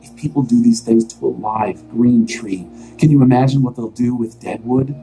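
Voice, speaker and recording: A man reading aloud voices a calm, quiet male teacher who speaks softly, with faint music behind. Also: mid-range voice, moderate pace, natural voice, poor audio. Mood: grave. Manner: hushed, soft-spoken.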